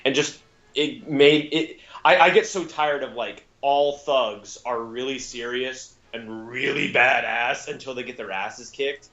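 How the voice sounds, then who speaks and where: A man's voice: mid-range voice, a little slow, fairly bright tone. Man, podcast co-host, casual chat, rambling, lots of fillers, muffled lo-fi recording. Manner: rambling, many fillers and self-corrections.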